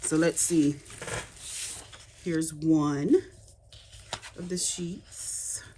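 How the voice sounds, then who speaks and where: A woman's voice: sits low, fairly even intonation, drawn-out words, dark tone, a little hiss or hum. A woman demonstrating craft supplies in a casual unboxing chat, chatty and gushing with delight. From United States.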